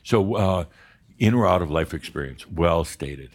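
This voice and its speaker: A man's voice: sits low, unhurried. A man leading a live group session, joking with the room and pressing people to state things plainly. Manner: animated, joking, pushes for specifics. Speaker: workshop leader.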